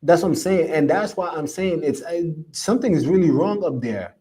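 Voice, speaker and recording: A man hosts a live commentary stream, reading viewer comments aloud. He talks in an emphatic, preachy way and repeats phrases for stress. His voice sits a little high for a man. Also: lively intonation, normal speed, mellow, a little hiss or hum.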